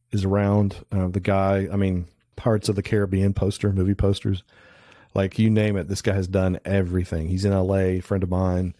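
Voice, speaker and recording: Low-voiced man telling stories casually. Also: dark tone, no room sound. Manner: chatty anecdotal, many restarts and fillers. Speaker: photographer guest. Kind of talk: casual interview storytelling.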